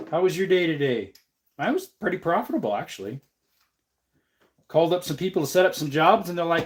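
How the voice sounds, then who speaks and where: Man, young adult, stuffed-up sniffly nose, easygoing, mid-pitched voice, reads and answers chat. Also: expressive, brisk. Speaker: livestream host. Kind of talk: casual livestream chat while working.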